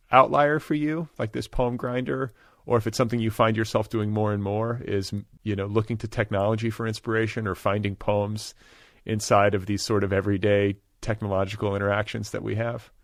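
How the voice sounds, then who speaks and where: A man's voice: on the low side, fairly even intonation, normal speed, dry recording, studio quality. Curious chatty podcast host man. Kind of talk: casual interview talk.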